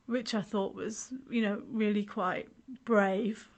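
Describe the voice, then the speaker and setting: A middle-aged woman in easy conversation, telling stories with frequent laughs. She slips into the voices of the people she quotes. Her pitch sits in the middle for a woman. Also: steady tone, takes it slowly. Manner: chatty storyteller, laughs often, acts out quotes of others. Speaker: podcast host sharing her story. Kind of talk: casual chat.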